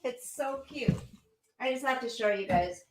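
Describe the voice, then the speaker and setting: Slow-talking, chatty middle-aged woman. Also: sits high. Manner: chatty and easily sidetracked, laughing often. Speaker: livestream host reading chat comments. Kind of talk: casual livestream chat.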